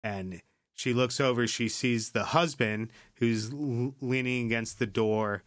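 A man's voice: mid-range voice, measured pace, no room sound. Casual man retelling, dry close sound. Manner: loose storytelling with tag questions and cursing; skips ahead with "yada, yada". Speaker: podcast host. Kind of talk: casual chat, episode recap.

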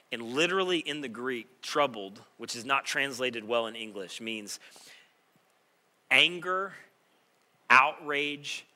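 Bright-voiced preaching man. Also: medium pitch. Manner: builds from quiet reflection to loud, impassioned preaching. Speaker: pastor. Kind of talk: sermon.

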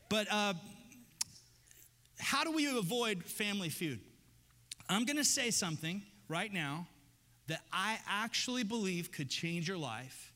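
A man's voice: high-pitched, pushed and bright, in a large hall. A man preaching a sermon as pastor, conversational and joking, building to emphatic repeated lines. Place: church sanctuary.

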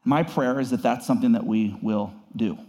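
Man, pastor, devotional message, mid-pitched voice, earnest, halting with fillers, climbs on key words, long hall reverb. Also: warm tone.

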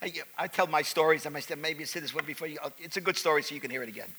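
Man, preacher, high voice, bright sharp tone, echoing church hall. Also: racing, slight background noise. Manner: rises to loud fervent preaching. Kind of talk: sermon with storytelling.

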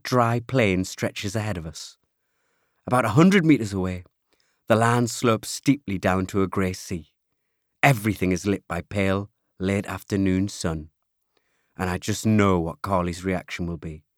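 A man reading an audiobook aloud, telling the story in first person with lively timing. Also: fairly low pitch, no room sound, studio quality. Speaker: audiobook narrator. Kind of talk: scripted audiobook narration.

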